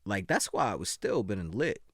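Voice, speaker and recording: In studio-quality sound without any room echo, a young podcast co-host with a lowish, vocal-fry voice speaks at a measured pace. During the casual chat he tells stories animatedly, performing other people's quotes.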